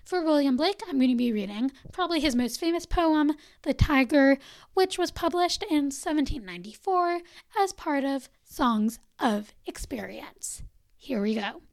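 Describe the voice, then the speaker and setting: A woman's voice: high-pitched, animated, moderate pace, dry recording, rough recording. A woman podcast host reading a poem aloud with dramatic flair, then giving a chatty, upbeat sign-off. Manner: dramatic recitation, dropping to whispers on some lines. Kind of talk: poetry reading and podcast outro.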